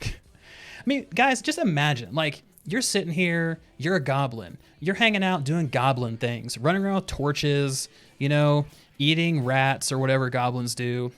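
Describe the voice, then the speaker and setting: A man's voice: on the high side, animated, moderate pace, fairly bright tone, clean tone. A young man giving casual, rambling commentary while he plays a video game, often laughing to himself. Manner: laid-back, laughing, rambling asides. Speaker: streamer.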